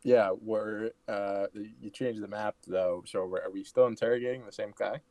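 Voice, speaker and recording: A man at a tabletop game on an online call, with a gravelly, fairly low voice. He talks slowly and hesitantly, padding with fillers, in a dry close sound. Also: fairly even intonation, a little mellow, dry recording. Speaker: player. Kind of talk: casual tabletop play.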